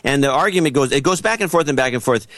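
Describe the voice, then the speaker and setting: A man co-hosting a podcast, retelling a hearing in a mocking, animated way. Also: mid-range voice, fast, no room sound. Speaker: podcast co-host. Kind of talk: casual commentary chat.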